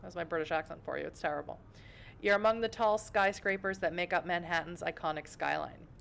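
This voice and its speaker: A woman's voice: lowish voice, brisk, gravelly, fairly bright tone, slight background noise. An American woman streaming a game from home, reading the story aloud and breaking off for playful, self-mocking asides. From United States. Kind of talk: reading a visual novel aloud with chatty asides.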